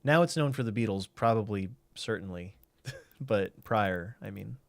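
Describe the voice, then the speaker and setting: A man's voice: lowish voice, animated, normal speed, gravelly, dry recording. A man streaming a game, chatting casually and thinking aloud while he answers chat.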